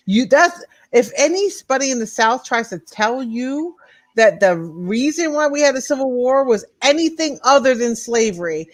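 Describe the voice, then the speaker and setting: A woman's voice: fairly high pitch, lively intonation, normal speed. A woman co-hosting a podcast, arguing in a heated casual debate with impassioned, profane ranting. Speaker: podcast co-host.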